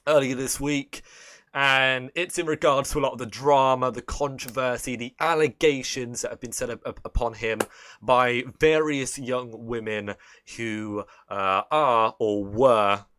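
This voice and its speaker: A man's voice: medium pitch, steady tone, measured pace, pushed and bright. A man hosting a live stream, chatting casually in a rambling, joking, profane way.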